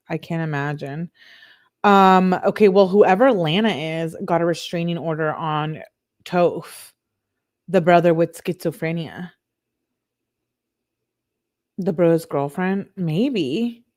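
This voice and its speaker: A woman hosting a true crime channel reads text messages out loud during a live stream. Her voice sits on the low side; she reads the quotes without inflection and stops now and then to talk with her chat.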